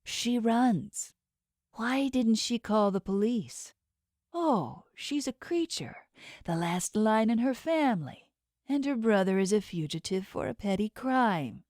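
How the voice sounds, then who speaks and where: Pitching above her natural voice, a woman performs a shark-toothed, inhuman male boss for an audiobook. Her delivery is high-leaning, animated, slow, and darkish as he speaks coldly, threateningly, and condescendingly, in studio-quality sound with no room sound.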